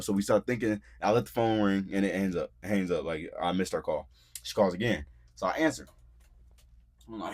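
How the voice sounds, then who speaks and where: A man's voice: lowish voice, fairly quick. A young man hosting a podcast, telling a story in loose, slangy casual talk and acting out the quotes. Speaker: podcast host.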